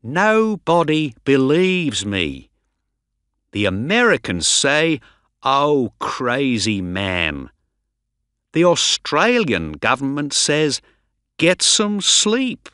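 A man reading an audiobook voices an angry, exasperated male scientist who shouts and complains. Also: fairly high pitch, wildly swooping pitch, very slow, no echo, clean studio sound, voice pushed up, heavily acted. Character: gruff angry male scientist, short-tempered.

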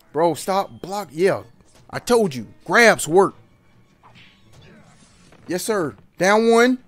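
A man giving excited, trash-talking commentary while playing a fighting game, yelping and laughing often. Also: on the high side. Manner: animated, yelps and laughs, trash-talks the opponent. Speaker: gaming channel host.

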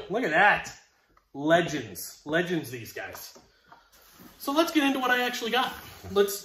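High-pitched young guy unboxing toys, rambly and self-deprecating, echoey room. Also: a little hiss or hum. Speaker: collectibles vlogger. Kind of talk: casual unboxing chat.

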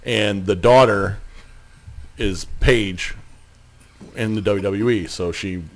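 A man co-hosting a podcast in casual chat, calmly explaining. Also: on the low side, slow, a little hiss or hum. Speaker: podcast co-host.

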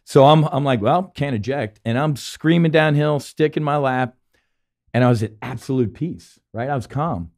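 A man from New Jersey, a former Navy fighter pilot, tells his story with excited, salty energy and frequent laughter. His voice sits at an ordinary middle pitch. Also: normal speed. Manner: excitable, profane, laughs often. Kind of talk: animated storytelling.

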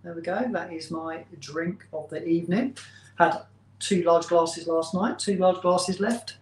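Low-voiced woman chatting on a live stream. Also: steady tone, measured pace, darkish tone, slight background noise. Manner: chatty, greets viewers, drinking wine. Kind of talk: casual live-stream chat. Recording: echoey room.

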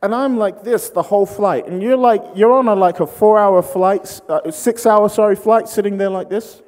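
A man's voice: high voice, moderate pace. A British man preaching, telling funny stories and acting out the people in them as he jokes with the congregation. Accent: British English. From Britain. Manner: animated, acts out quoted voices, jokes with the crowd. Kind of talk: humorous sermon storytelling. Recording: long hall reverb.

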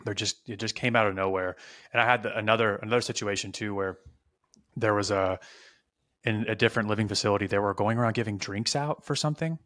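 Low-pitched guy telling stories on a podcast, gets loud and animated, swears a lot. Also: fast. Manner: animated, profane, trailing restarts. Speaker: podcast co-host. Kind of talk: casual storytelling chat.

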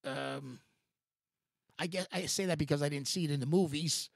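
A man's voice: on the high side, moderate pace, gravelly, no echo, studio quality. A man hosting a podcast, talking in a loose, rambling way, with many restarts and fillers, frequent swearing and laughter. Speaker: podcast host. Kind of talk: casual rambling commentary.

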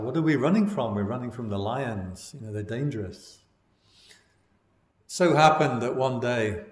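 A man teaching meditation as a Buddhist monk, giving a dhamma talk in a relaxed storytelling way with wry asides. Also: medium pitch. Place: meditation class in a room. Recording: roomy echo.

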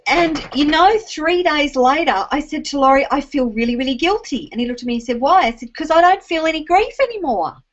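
A woman's voice: high voice, animated, a little fast, muffled recording. An Australian woman telling a personal story to an online audience, emotional and teary, with frequent ums and restarts. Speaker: speaker addressing an online audience. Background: rain.

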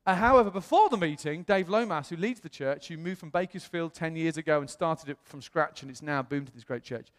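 British pastor, animated sermon story. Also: male voice, on the high side, brisk, hardly any pauses, long reverb tail. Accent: British English. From England. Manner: animated storyteller, acts out quoted voices. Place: church auditorium.

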